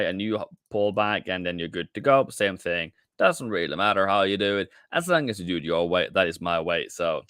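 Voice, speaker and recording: A man's voice: lowish voice, fairly bright tone, clean tone, no echo, studio quality. A man hosting a casual live trading stream, chatting directly with viewers and calling them mate and brother. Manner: chatty, addresses viewers directly, many restarts.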